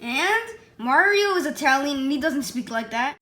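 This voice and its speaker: A woman voicing Sonic as a sarcastic, flippant cartoon hedgehog, over loud music. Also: high-pitched, expressive, normal speed, roomy sound. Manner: sarcastic, offhand.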